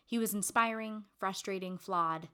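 A woman's voice: mid-range voice, normal speed, pushed and bright, clear, resonant tone. A woman co-hosting a podcast, speaking with enthusiasm and playfulness about a TV show. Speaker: podcast co-host. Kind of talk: casual TV recap chat.

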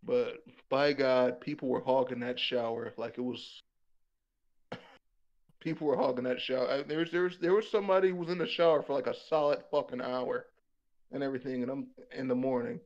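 Young man, comic storyteller, rambling and profane, mid-pitched voice, slightly dull lo-fi sound. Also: fairly even intonation, moderate pace, a little mellow. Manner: rambling, profane, laughs at his own story.

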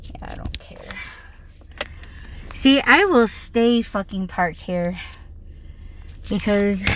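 Slow-talking, fed-up woman gig driver mutters and swears in her car; loud car noise behind her. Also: mid-range voice. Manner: frustrated, profane, muttering to herself. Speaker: delivery driver and podcast host. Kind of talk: candid venting recorded on the job. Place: in and around a car while making deliveries.

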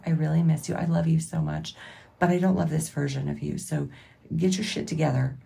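A woman's voice: deep voice, fairly even intonation, a little fast, creaky, dark tone. A woman, hosting a podcast as a rambling, self-correcting, emotional faith-based monologue. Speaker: podcast host.

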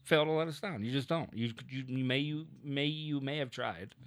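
A man co-hosting a casual podcast, animated and stumbling over his words, laughing often. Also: medium pitch, normal speed. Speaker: podcast co-host. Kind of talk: casual chat.

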